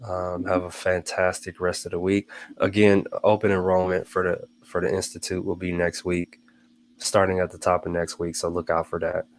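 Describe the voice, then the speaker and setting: A man's voice: low voice, completely flat delivery, normal speed. A man hosting a motivational talk, speaking casually, repeating phrases for emphasis and calling his listeners y'all. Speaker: host.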